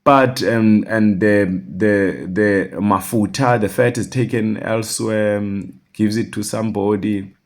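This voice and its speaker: Low-voiced man telling a story. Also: unhurried, hardly any pauses. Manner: rambling, with restarts and quoted dialogue. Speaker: vlogger. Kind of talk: personal storytelling.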